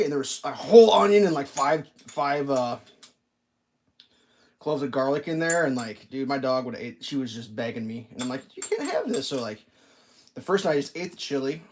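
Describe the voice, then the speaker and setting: A man's voice: mid-range voice, a little hiss or hum. A man vlogging casually while cooking in his home kitchen, rambling and chatting with his dog.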